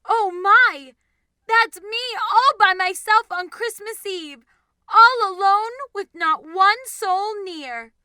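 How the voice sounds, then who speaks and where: A woman voicing an old miserly man in a storybook, read in her own high bright voice. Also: slow, no room sound, clean studio sound, heavily acted. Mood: pleading. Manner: storybook reading, barely changed voice. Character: rich old miser man, regretful then joyful.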